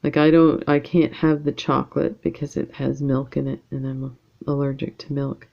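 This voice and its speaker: A woman's voice: a bass voice, little pitch movement, normal speed, gravelly, highs cut off. A woman with a casual, rambling way of talking, chatting to viewers while she works on a beading project at home. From Canada. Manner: rambling, chatty, lots of fillers. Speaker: beading channel host.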